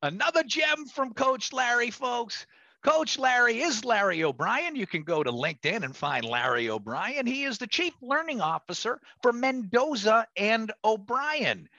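Gravelly, lively radio host plugging guests. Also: male voice, extremely high pitch, measured pace, no echo, lo-fi sound. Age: middle-aged. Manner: enthusiastic, promotional, self-correcting. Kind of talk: casual radio talk.

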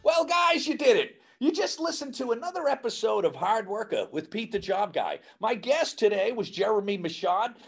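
Male podcast host, raspy, gravelly edge, high and very lively delivery, upbeat promo tone. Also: normal speed, hardly any pauses, soft background music. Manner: enthusiastic, promotional. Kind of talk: upbeat show outro.

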